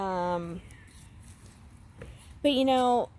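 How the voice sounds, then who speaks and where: Expressive woman vlogging on a walk. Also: medium pitch, measured pace. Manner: expressive, animated delivery with many fillers; walking while talking. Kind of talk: casual walk-and-talk vlog. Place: outdoors in the woods.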